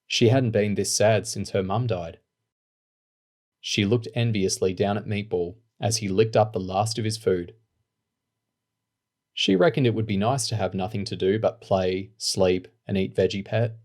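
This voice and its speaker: Male narrator, lowish voice, steady audiobook reading. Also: a little slow. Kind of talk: scripted narration.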